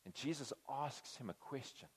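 A man gives a relaxed, conversational sermon. He slips into quick put-on voices to act out the people in his story. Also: mid-range voice, breathy edge, big-room sound. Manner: conversational, acts out quoted voices. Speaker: pastor.

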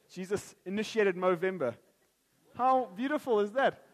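A man delivers a sermon in a church. His voice is high and ringing, with long reverb trailing off the hall walls. He mixes light jokes with earnest prayer. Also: slow. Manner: jokey and animated at first, then earnest and prayerful. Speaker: preacher.

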